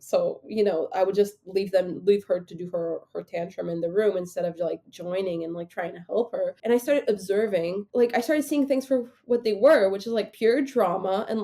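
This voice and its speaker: Woman, podcast guest, mellow tone, halting speech, lots of restarts, medium pitch. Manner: halting, full of fillers and restarts. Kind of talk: casual interview conversation.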